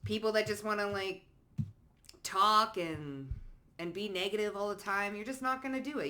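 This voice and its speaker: A woman doing a casual spoken card reading, blunt and sassy, swearing freely and calling the listener honey and baby, jumping from low asides to loud outbursts. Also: moderate pace. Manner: blunt, sassy, peppered with swearing and pet names; emphatic, swings between low asides and loud bursts. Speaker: psychic card reader.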